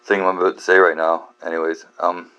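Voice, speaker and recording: Casting: man with a very deep voice, rambling casual monologue, stumbling through fillers and restarts, self-mocking, mains hum underneath. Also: flat delivery, sharp tone, smooth, highs cut off. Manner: halting, many fillers and restarts, frequent swearing; self-deprecating, laughs at himself. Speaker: book channel host.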